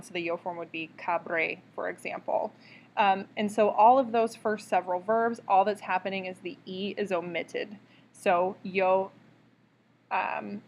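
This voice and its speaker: A woman teaching a recorded grammar lesson, explaining step by step in a clear, patient way. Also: medium pitch. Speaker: Spanish teacher.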